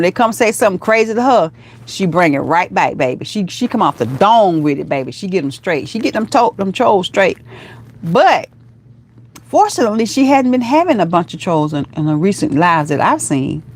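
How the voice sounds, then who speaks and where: A middle-aged woman hosts her live stream in an easy, chatty way, calling her viewers girl and honey. Her voice sits a little low for a woman. She keeps the talk lively and encouraging. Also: brisk, slightly rough. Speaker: vlogger hosting a livestream. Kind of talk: casual livestream chat reading comments.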